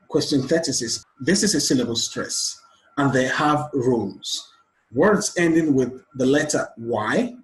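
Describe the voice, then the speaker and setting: A man teaching an exam revision lesson on word stress, patiently counting syllables aloud step by step. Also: medium pitch. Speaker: English teacher. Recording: echoey room.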